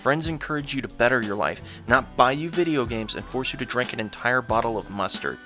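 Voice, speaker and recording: A man's voice: mid-range voice, fairly quick, bright, forceful tone, soft background music. A man delivering scripted commentary in a blunt, exasperated way. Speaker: YouTube commentator.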